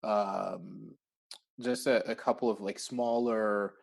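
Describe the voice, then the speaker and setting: A man talking casually as an interview guest, lively, with lots of fillers and acted-out quotes. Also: on the low side, slow, vocal fry, husky. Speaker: interview guest, recruiting firm founder.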